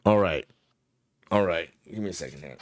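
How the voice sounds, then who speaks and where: A man narrating a tabletop game as game master, halting and searching for words with many fillers. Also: deep voice, slight background noise.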